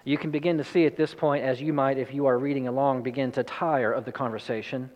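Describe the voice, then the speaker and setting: A man's voice: medium pitch, fairly even intonation, fast talker, a little mellow, long reverb tail, highs cut off. A man preaching a sermon, reading scripture aloud and paraphrasing it in dramatic, accusing voices.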